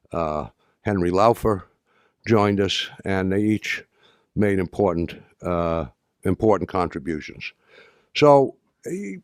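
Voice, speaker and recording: An older man gives an anecdotal talk to an audience, his voice low and unhurried. He halts often, restarting sentences and using plenty of fillers while slipping in dry humor. The recording is dry and close, with no room sound around him.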